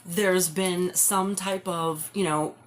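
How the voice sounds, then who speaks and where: A woman's voice: fairly low pitch, fairly even intonation, slow pace. A woman giving a live-stream tarot reading, talking in a loose, rambling way full of "like" and "you know". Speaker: tarot reader.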